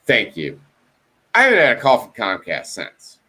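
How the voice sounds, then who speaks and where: This co-host's medium-pitched voice swings hugely in pitch and has a sharp tone, and he talks briskly. In a casual video-call chat he recounts a story laced with profanity, performing both sides of phone calls.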